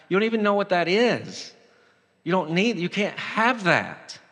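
A man with a high, bright voice preaches a sermon in a church. His delivery swings between fervent exhortation and quiet storytelling, and a long reverb trails his words through the hall. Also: big pitch swings, measured pace. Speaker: pastor.

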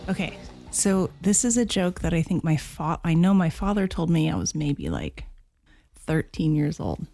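A woman's voice: low voice, big pitch swings, moderate pace, mellow, soft background music. A woman who works as an art therapist, a guest on a podcast, chatting in an easygoing way and laughing readily. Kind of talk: casual podcast interview. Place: Las Vegas.

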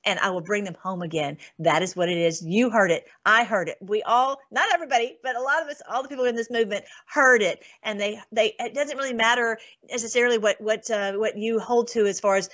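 A woman hosting an online show, talking casually and excitedly, reading scripture aloud and laughing often. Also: fairly high pitch, a little fast. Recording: dull lo-fi sound.

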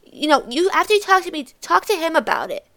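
A teenage girl mimicking a loud, bragging middle-aged aunt who gushes about her family. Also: very high voice, wildly swooping pitch, fast, gravelly, voice pushed up, full character voice. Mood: gushing. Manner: boastful, gushing.

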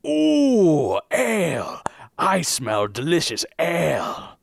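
A woman voicing a big, boastful male troll who speaks in grand, old-fashioned threats, slow and loud. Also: low voice, huge pitch swings, creaky, no echo, studio quality, heavily acted. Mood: delighted. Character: boastful hulking male troll, pompous and greedy.

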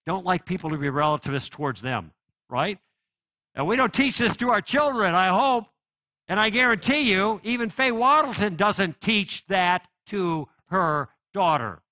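A middle-aged man lectures on faith and reason with a bright, pressing voice, asking the room rhetorical questions as he builds his case. His pitch sits a little high for a man, and the sound is dry and close. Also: dry recording. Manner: conversational and persuasive, with rhetorical questions. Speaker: Christian apologetics speaker. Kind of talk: live apologetics lecture.

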